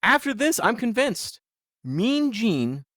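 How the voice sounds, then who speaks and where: This podcast co-host has a very high voice and speaks slowly, captured in a dry, studio-quality recording. He and his partner chat casually about wrestling results, and he keeps up sarcastic, animated joking.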